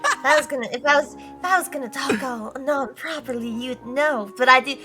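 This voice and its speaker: A woman with a Southern American accent chatting casually as a guest, talking fast and animated. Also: high voice, soft background music. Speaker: guest streamer. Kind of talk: casual chat.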